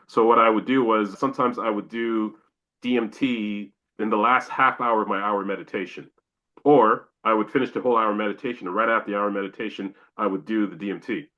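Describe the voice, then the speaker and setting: A man's voice: on the low side, brisk, bright, forceful tone, dull audio. A man from Canada, a podcast guest, telling a long personal story and acting out his own exclamations.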